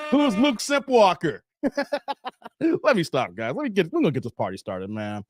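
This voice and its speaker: Male livestream host, high voice, dry close mic, laughs a lot, heavy on slang. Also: moderate pace, long pauses, dry recording. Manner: animated, laughs often, slangy, reads chat aloud. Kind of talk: casual livestream chat.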